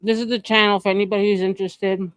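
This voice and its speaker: A woman's voice: mid-range voice, flat delivery, fast talker, clean tone, dry recording. A woman hosting a casual livestream, rambling with lots of fillers and laughing often. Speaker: livestream podcast host.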